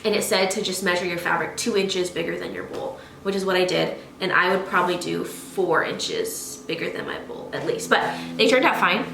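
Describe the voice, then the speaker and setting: Chatty young woman, bright and candid. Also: fairly low pitch, moderate pace, vocal fry, few pauses, echoey room, a little hiss or hum, rough recording. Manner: candid, animated, self-deprecating. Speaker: vlogger. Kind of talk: casual chat to camera. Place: home living room.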